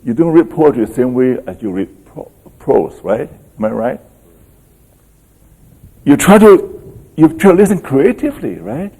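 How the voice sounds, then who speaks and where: Slow, lively male workshop lecturer. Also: medium pitch, rough recording. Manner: keeps checking in with the audience with "okay?" and "right?"; rhetorical questions, repeats key phrases for emphasis. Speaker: workshop presenter. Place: conference workshop room.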